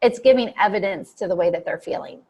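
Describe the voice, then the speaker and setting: This female coach trainer leads an online lesson for other coaches, talking fast in a medium-pitched voice with a dark, slightly rough tone. Her explanations are steady, full of fillers, and she acts out client quotes.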